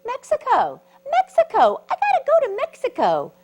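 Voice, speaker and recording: A woman voicing an eager, determined little female caterpillar in a storybook reading, with an excited sing-song manner. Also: fairly high pitch, unhurried, pitched above the performer's own voice.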